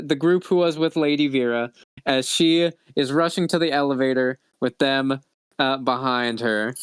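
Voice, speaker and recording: A man running a tabletop role-playing game, recapping and narrating with frequent laughs and halting restarts. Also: mid-range voice, fairly bright tone, clear, resonant tone, dry recording. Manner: laughing, halting, loose storytelling. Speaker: game master.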